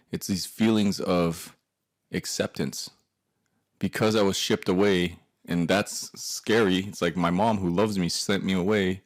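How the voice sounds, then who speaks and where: A man's voice: sits low, fairly even intonation, unhurried. A man telling a personal story to an audience, emphatic and profane, muttering curses under his breath. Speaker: guest speaker.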